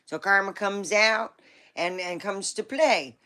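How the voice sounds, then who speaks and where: Slow-talking, rambling woman host. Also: medium pitch, bright, forceful tone. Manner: rambling, folksy storytelling. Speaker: live-stream host. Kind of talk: casual live-stream chat.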